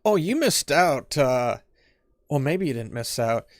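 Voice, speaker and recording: A man's voice: medium pitch, big pitch swings, a little slow. A man on a casual podcast chat who often restarts his sentences and laughs along. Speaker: podcast co-host.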